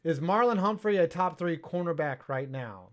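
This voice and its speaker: A man's voice: on the high side, lively intonation, moderate pace. A young man co-hosting a sports podcast, casual and sarcastic, reading viewer messages aloud. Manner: jokey, sarcastic, reads viewer chats aloud. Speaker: podcast co-host.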